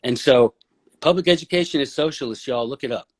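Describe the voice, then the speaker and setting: Man, podcast guest, blunt, opinionated, preachy delivery, mid pitch. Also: brisk. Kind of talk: casual podcast conversation.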